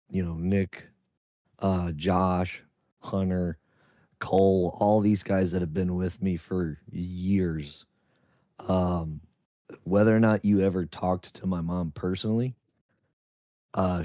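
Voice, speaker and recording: A young man with a very low, mellow voice answers an interview. He speaks haltingly and often restarts, his words heavy with emotion. The recording is dry and close. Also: no room sound. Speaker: race league founder.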